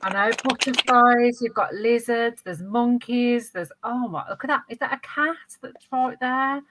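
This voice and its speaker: A woman with a bright, forceful voice giving card readings in a casual session. She talks with eager enthusiasm, exclaiming as she points things out. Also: a little high, unhurried, low-quality recording. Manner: enthusiastic and warm, exclaims often. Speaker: spiritual card reader.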